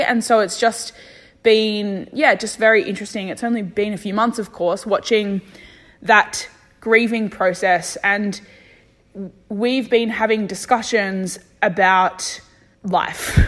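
A woman's voice: mid-range voice, a bit bright. A young woman talking candidly in a reflective personal vlog, thinking aloud and swearing freely. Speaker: vlogger.

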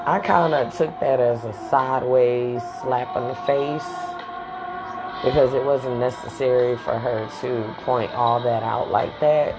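Woman storyteller, unusually low voice, blunt and candid with casual swearing, music playing behind. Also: steady tone, measured pace.

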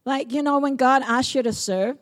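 A woman's voice: high voice, normal speed. A middle-aged woman from Samoa, preaching a sermon as pastor in an emphatic, repetitive way.

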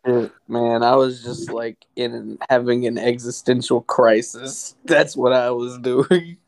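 A man's voice: medium pitch, fairly even intonation, a little slow, darkish tone. A young man co-hosting a podcast, rambling in a laid-back, swearing casual chat. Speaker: podcast co-host.

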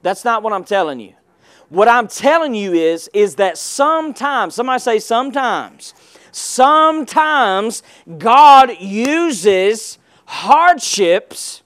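A man's voice: very high-pitched, fairly bright tone, no room sound, studio quality. A man preaching a sermon with call-and-response, rising and dropping his emphasis to rouse the congregation. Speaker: pastor.

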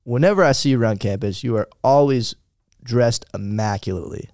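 A man's voice: mid-range voice, fairly quick, a little mellow, no echo, studio quality. A young man from Pennsylvania co-hosting a student podcast, easygoing and affirming. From Wayne, Pennsylvania. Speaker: co-host.

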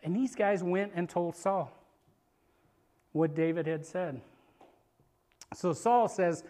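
A male preacher in a sermon, retelling a scripture story in an animated, conversational way. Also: fairly high pitch, measured pace, long pauses.

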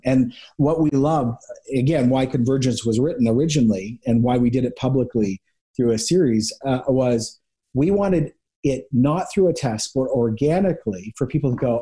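A man speaks as a guest pastor on an interview podcast, with a mellow, warm tone. He tells lively stories, slipping into quick impressions of the people in them. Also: mid-range voice. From Canada. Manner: animated storyteller, acts out quick voices of people. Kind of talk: conversational interview.

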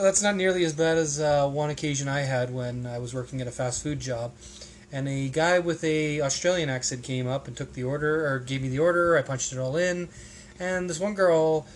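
A man's voice: a little high, normal speed, a little hiss or hum. A man hosting a casual podcast, rambling and hesitant, with plenty of restarts and ums. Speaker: podcast host.

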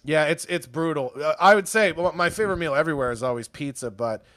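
Higher-voiced comedian guest, joking crudely. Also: male voice, quick pace, a bit bright. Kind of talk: casual podcast chat. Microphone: remote call.

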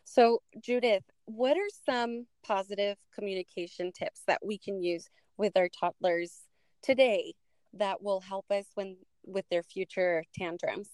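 A woman's voice: medium pitch, fairly even intonation, unhurried, a little mellow, smooth, no room sound, studio quality. Woman host asking a guest questions. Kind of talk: casual panel chat.

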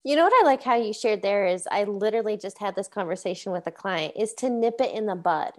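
A woman's voice: medium pitch, lively intonation, fast talker. A woman hosting a casual interview as a coach, affirming and enthusiastic. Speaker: podcast host and coach.

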